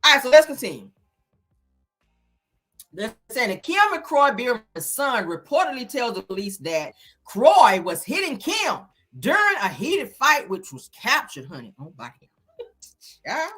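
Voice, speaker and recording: A woman's voice: fairly high pitch, big pitch swings, measured pace, fairly bright tone, husky. A woman hosting a casual celebrity gossip commentary, blunt and emphatic, swearing freely. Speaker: host.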